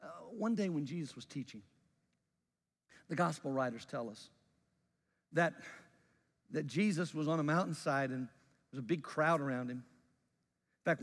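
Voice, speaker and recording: A pastor preaches in a raised, fairly high voice, telling a story as if chatting with the congregation. His delivery is animated and pushes up for emphasis. Long reverb fills the large hall around him. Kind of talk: sermon.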